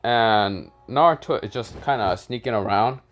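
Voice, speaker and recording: A man's voice: lowish voice, normal speed, a bit bright, soft background music. A man casually telling a made-up fan story, rambling with lots of fillers. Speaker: channel host telling a story.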